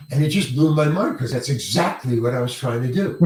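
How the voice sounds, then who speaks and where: An older man, a working actor, telling stories in an interview in an animated way, acting out the lines of others and swearing casually. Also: medium pitch, a little fast, hardly any pauses. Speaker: actor guest. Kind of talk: storytelling interview. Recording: echoey room, mic far off.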